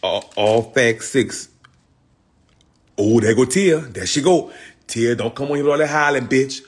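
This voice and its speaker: A man's voice: mid-range voice, unhurried, husky. A man hosting a casual livestream, talking in loose street slang, repeating himself and calling out viewers by name. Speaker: livestream host.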